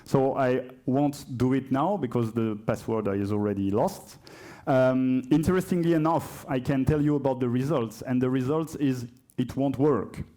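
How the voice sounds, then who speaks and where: A man's voice: medium pitch, normal speed, warm tone. A man with a French accent giving a conference coding demo, hesitant and self-correcting with chatty asides. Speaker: conference speaker. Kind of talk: live coding talk. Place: conference hall.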